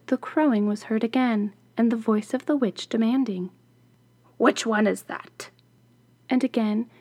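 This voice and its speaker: A woman's voice: fairly high pitch, dark tone. A woman hosting a podcast, reading a fairy tale and adding wry, sarcastic asides. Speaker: podcast host.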